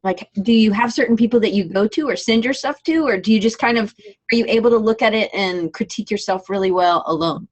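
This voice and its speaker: A woman's voice: mid-range voice, quick pace. Casual, curious woman host. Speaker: podcast host. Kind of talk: interview questions.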